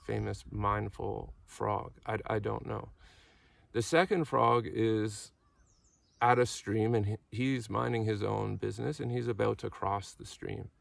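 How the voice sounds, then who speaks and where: Slow, gravelly man in his thirties. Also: fairly low pitch, no echo, distant mic. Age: 30s. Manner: halting, musing, self-deprecating. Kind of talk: reflective talk with parables.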